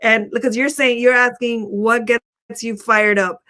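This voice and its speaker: A woman co-hosts a motivational chat in a fairly high voice. She talks in an animated, chatty way and breaks into laughter often. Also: unhurried. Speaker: co-host.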